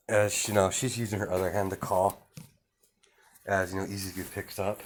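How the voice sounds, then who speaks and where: A man's voice: deep voice, level tone, normal speed, pauses often. A young man improvising a fan fiction story, rambling with many fillers and restarts.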